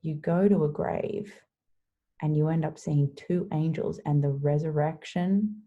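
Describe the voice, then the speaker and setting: A woman's voice: low-pitched, a little slow, highs cut off. A young woman casually retelling a scripture story for a devotion, chatty and full of fillers. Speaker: devotion leader.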